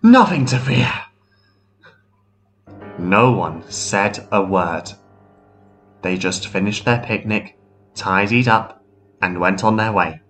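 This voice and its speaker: Low-voiced man narrating a ghost story. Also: fairly even intonation, takes it slowly, fairly bright tone. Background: faint guitar music.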